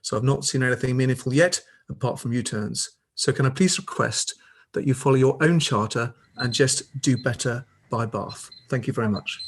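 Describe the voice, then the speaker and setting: A man's voice: mid-range voice, normal speed, husky. A man reading a critical prepared statement to a council meeting over a video call, with pointed emphasis. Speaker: public speaker at council meeting. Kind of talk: prepared statement read aloud.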